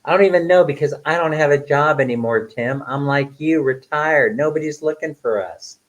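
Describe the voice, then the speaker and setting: A man's voice: fairly high pitch, moderate pace, muffled recording. A retired man in his sixties, chatting casually on a live stream, reading comments aloud and laughing often between fillers. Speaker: vlogger reading live chat.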